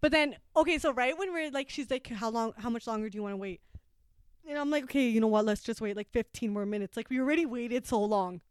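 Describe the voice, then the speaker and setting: High-voiced young woman telling a story. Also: fast talker, clear, resonant tone, no echo, clean studio sound. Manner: animated, acts out quotes, laughs often. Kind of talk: casual chat.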